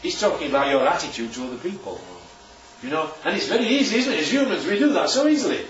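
A man preaching a sermon from a distance, his voice bouncing around an echoey room. He talks in a loose, conversational way, often tossing out rhetorical questions. His pitch sits a little high and swings widely. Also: expressive, quick pace, lo-fi sound, a little hiss or hum.

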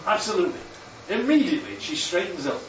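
A man preaching a sermon, lively and constantly checking in with his listeners by asking "right?" and "yeah?". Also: sits high, fast, slight background noise. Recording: echoey, distant, dull sound with faint ambience.

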